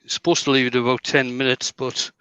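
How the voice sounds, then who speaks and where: A man's voice: medium pitch, fast, clear, resonant tone, no room sound, poor audio. A man hosting a live craft stream, chatting casually and joking about his own work. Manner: relaxed, self-deprecating about his work. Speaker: craft demonstrator and show host.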